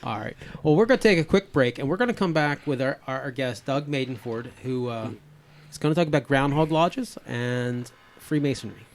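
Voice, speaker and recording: A man's voice: medium pitch, lively intonation, moderate pace. A man in his fifties hosting a podcast, chatting casually with lots of fillers and restarts. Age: 50s. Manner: rambling, many fillers and restarts. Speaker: podcast host. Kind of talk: casual chat.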